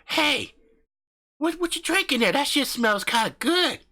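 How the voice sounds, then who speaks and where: A man's voice: extremely high pitch, very animated, unhurried, pitched above the performer's own voice, full character voice. A man doing a brash, foul-mouthed husband. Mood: cocky. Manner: loud, swaggering, swears constantly. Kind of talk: improvised comic storytelling.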